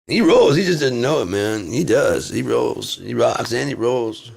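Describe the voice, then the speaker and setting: A man delivering a rambling comedic monologue in laid-back rocker slang, drawling and swinging from loud bursts to mumbles. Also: mid-range voice, unhurried, gravelly.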